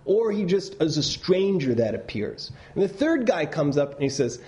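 A man teaching a class, telling stories in a loose, animated way with many restarts and reading passages aloud. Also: a little high, a little fast, hardly any pauses. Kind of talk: lecture with read-aloud passages.

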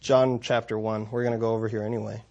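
A man's voice: on the low side, little pitch movement, quick pace, a little mellow, dull audio. A man teaching a Bible passage in a conversational way, reading verses aloud and stopping often to correct himself. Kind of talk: scripture teaching talk.

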